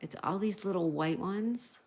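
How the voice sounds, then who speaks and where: A woman's voice: mid-range voice, unhurried, darkish tone, echoey room. A middle-aged woman hosting a casual livestream, chatting, giggling and reading out viewers' comments. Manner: chatty, giggly, reads out chat messages. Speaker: livestream host.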